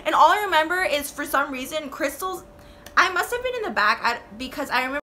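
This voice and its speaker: A woman in her twenties telling a storytime vlog in a casual, animated way, swearing and saying "like" a lot. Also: sits high, quick pace, a little hiss or hum. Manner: animated, swearing, full of "like" fillers.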